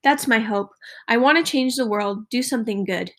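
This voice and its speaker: Lady reading as a brainy formal kid, kinda high voice, very matter-of-fact. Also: moderate pace, a bit bright, lightly acted. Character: precise, formal boy genius.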